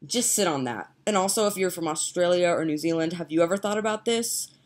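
A woman's voice: fairly low pitch, animated, a little fast. Chatty, giggly young woman vlogging. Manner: chatty, giggly, self-mocking. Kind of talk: rambling casual vlog. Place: home, indoors.

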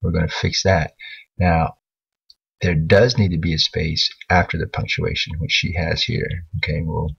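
A man with a deep, gravelly and very husky voice teaches a writing lesson. He talks patiently through corrections to a student's work, thinking aloud as he goes. The screen recording sounds dull and lo-fi. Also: level tone, moderate pace, fairly bright tone.

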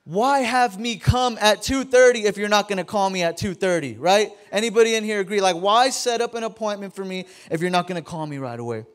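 Speaking fairly quickly and with few pauses, a pastor in his thirties whose voice sits high delivers a relaxed, humorous sermon to his congregation in the church sanctuary. Stammers and repeated words come up often.

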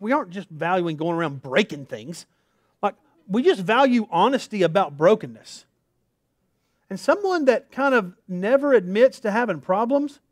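A man's voice: high voice, no room sound, clean studio sound. A middle-aged man, a pastor, preaching a sermon in a storytelling, self-deprecating way that mixes humor into his points.

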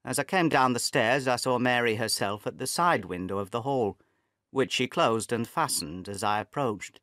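A man reading a classic detective story aloud as an audiobook for English learners, in a measured, clear storytelling manner. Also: mid-range voice, a bit bright, no echo, clean studio sound. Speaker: audiobook narrator. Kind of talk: scripted narration for English learners.

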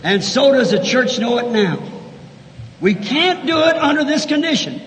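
A man preaching a fervent sermon, swinging from shouted lines to hushed asides in a large church. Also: extremely high pitch, sing-song, normal speed. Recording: echoey 1960s church hall recording with faint noise.

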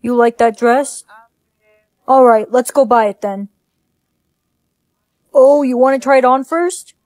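A woman's voice: sits high, takes it slowly, a little mellow, dry recording, studio quality. A woman playing a doting young boyfriend. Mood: coaxing. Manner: soothing, indulgent, coaxing. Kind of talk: comedic skit acting.

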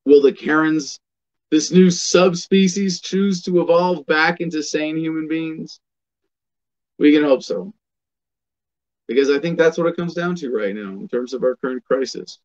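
A male commentator with a fairly high voice speaks in a sardonic, emphatic tone and delivers his opinions as a running monologue. The sound is dull and lo-fi. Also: measured pace, darkish tone. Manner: sardonic, emphatic, reads text aloud. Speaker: host of a political commentary show.

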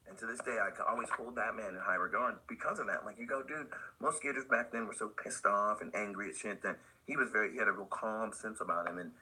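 A middle-aged man, a veteran pro skater, telling rambling animated stories as a podcast guest. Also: on the low side, fast, few pauses, slightly rough, low-quality recording. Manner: rambling, animated, full of "like" and laughs. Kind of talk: casual storytelling in a podcast interview.

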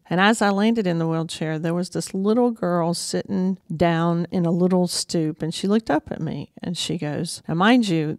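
Gravelly woman telling her story. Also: on the low side, a little mellow, no room sound, studio quality. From Georgia, USA. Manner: candid, emotional, conversational. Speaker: host. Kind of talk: personal storytelling.

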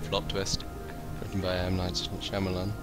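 A man's voice: low voice, completely flat delivery, normal speed. A young man playing an online game with friends, joking and complaining playfully over voice chat. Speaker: gamer on voice chat. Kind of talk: casual gaming banter. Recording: game music behind the voice chat.

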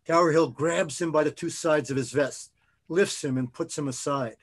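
A man, the author, reads his own novel aloud in a measured, expressive way. His voice sits somewhat high for a man. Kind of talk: literary reading aloud.

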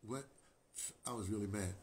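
An older man, a radio artist, telling a long personal story in an animated, emotional way, full of restarts and asides. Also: on the low side, moderate pace.

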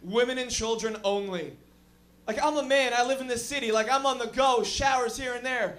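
A man's voice: extremely high pitch, moderate pace, fairly bright tone. A man doing a stand-up comedy set in a lounge, rambling and swearing with many fillers. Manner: rambling, profane, frequent fillers.

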